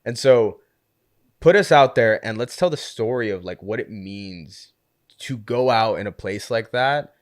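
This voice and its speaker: A podcast guest who co-founded a community tells a story in a fairly low voice, a little slowly, casual and lively. He says "like" constantly and acts out little quotes, recorded close and dry with no room sound.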